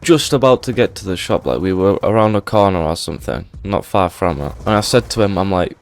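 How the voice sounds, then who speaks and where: Rambling man with low voice. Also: fairly quick, vocal fry, few pauses. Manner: rambling, swears, heavy filler words. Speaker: gaming YouTuber. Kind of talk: casual storytelling.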